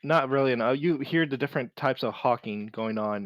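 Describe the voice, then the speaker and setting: A man running a tabletop game as game master, narrating with many pauses and restarts. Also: mid-range voice, level tone, dry recording. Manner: halting, many fillers and restarts.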